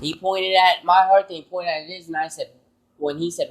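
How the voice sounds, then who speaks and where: A man's voice: sits high, fairly even intonation, moderate pace, slight background noise, low-quality recording. A man vlogging, telling an emotional personal story in an earnest, rambling way.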